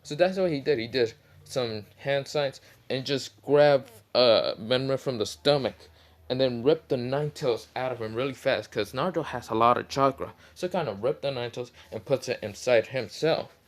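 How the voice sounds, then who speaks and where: A man's voice: mid-range voice, moderate pace. Guy rambling thru a fan story, lots of uhs, swears a bit, normal voice. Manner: rambling, many fillers, swearing. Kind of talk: casual fan-fiction retelling.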